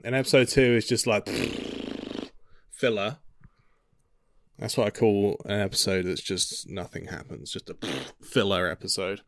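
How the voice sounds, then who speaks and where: A man's voice: on the low side, steady tone, unhurried, noisy background. A young man chatting casually in a rambling, laid-back way, swearing freely as he talks about TV shows. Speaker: vlogger. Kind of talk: casual chat.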